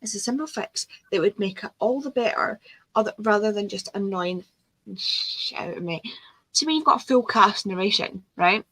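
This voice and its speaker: A woman's voice: medium pitch, normal speed, bright, forceful tone, no room sound, poor audio. A woman hosting a casual chat with friends, rambling and ranting animatedly about audiobooks. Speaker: host.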